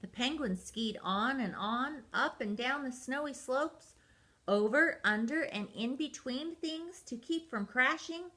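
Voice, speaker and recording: An older woman, a grandmother, reading a picture book aloud in a gentle, unhurried way. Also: high voice, lively intonation. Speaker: storyteller grandmother. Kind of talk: storybook read-aloud.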